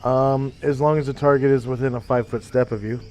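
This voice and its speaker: A man's voice: mid-range voice, steady tone, quick pace, dark tone, faint music behind. Rambling game master man. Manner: rambling, filler-heavy storytelling. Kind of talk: casual tabletop game chat.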